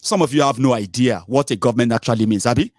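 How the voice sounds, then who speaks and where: A man's voice: mid-range voice, fast, a little mellow, no room sound. Nigerian man, political commentary, emphatic, mocking, rhetorical questions, dry close sound. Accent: Nigerian, mixing Pidgin and Yoruba. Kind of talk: opinionated political monologue.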